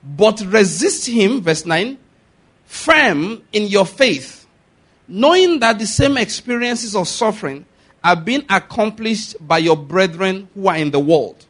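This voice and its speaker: A man preaching a sermon, often pausing to ask the congregation if they follow his point. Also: sits high, lively intonation, fairly bright tone, slightly rough. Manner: repeats rhetorical questions to the congregation. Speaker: pastor.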